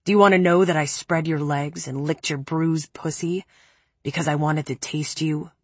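A woman voicing a cold, cruel young man who speaks calmly and cuttingly in a low, flat tone. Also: moderate pace, slightly rough, dry recording. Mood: cold, menacing.

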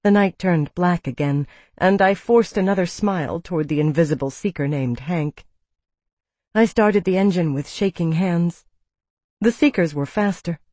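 Audiobook narrator, woman, low pitch, dry close studio sound, measured reading. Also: dark tone, dry recording. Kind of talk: scripted narration.

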